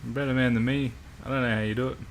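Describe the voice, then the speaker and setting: A man's voice: medium pitch, fairly even intonation, rapid-fire, slight background noise. A man hosting a live stream, chatting casually and bluntly with viewers and swearing freely. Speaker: livestream host.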